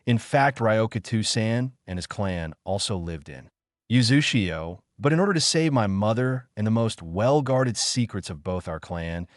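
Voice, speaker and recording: A man's voice: on the low side, animated, a little slow, dry recording, clean studio sound. A man voicing a confident teenage boy ninja explaining himself in a storybook reading. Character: brash teen male ninja, self-assured.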